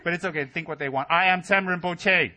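A man giving a humorous Buddhist dharma talk to his students, telling stories and mimicking people in squealing voices. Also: a little fast. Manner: animated storytelling, mimics students in high squeals. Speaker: Buddhist teacher. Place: teaching center hall.

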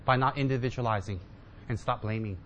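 A man's voice: medium pitch, fast, a little hiss or hum. A man giving a humorous Dharma talk as a Buddhist teacher, joking with and teasing his listeners and mimicking his students.

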